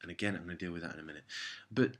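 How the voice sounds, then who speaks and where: A man's voice: deep voice, racing. A man delivering a casual, rambling review monologue, sarcastic and exasperated. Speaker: show reviewer.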